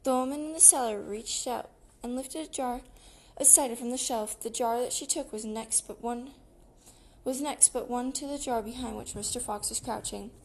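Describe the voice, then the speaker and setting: A woman narrating a children's storybook in a lively, expressive reading. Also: on the high side, moderate pace, a little hiss or hum. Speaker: audiobook reader.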